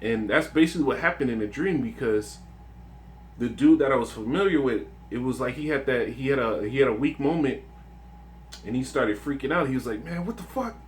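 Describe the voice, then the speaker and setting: A man's voice: mid-range voice, brisk, slight background noise. A man recounting a dream and reading scripture in an informal religious video. He talks earnestly and conversationally, often restarting his sentences and adding "man".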